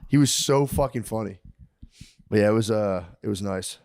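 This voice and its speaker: A man's voice: lowish voice, normal speed, a little mellow. Laughing man in casual podcast banter. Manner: laughs often, drops to a mumble telling stories. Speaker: podcast co-host. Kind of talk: casual comedic chat.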